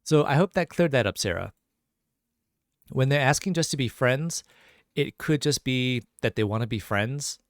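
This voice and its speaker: A man's voice: mid-range voice, lively intonation, moderate pace, no echo, clean studio sound. A man teaching a casual live-streamed language lesson, chatting loosely and answering viewer questions as they come in. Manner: casual, chatty, reads chat questions aloud.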